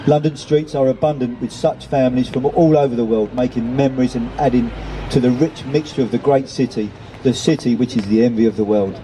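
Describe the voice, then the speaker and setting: A man's voice: medium pitch, fairly even intonation, a little fast, warm tone, a little hiss or hum, poor audio. A man reading a children's story aloud, with chatty self-deprecating asides to the listeners. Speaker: reader.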